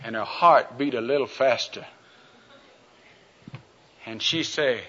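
A man preaching a sermon, telling a folksy story in a drawn-out, homespun way. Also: mid-range voice, bright, forceful tone. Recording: dull lo-fi recording.

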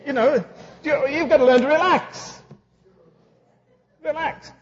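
A man's voice: very high voice, measured pace. A man preaching a humorous sermon who tells stories and acts out both sides of conversations. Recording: dull lo-fi recording.

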